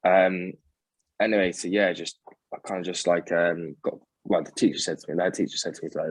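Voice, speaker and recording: A young man telling his story as a podcast guest, halting and full of restarts, blunt and sometimes swearing. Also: low-pitched, fairly even intonation, no room sound. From England. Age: young adult. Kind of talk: candid personal storytelling.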